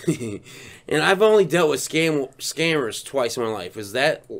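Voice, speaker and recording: A man co-hosting a casual podcast, telling stories in a profane, animated way, acting out both sides of his phone calls and laughing as he talks. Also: medium pitch, a little slow. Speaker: podcast co-host. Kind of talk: casual chat.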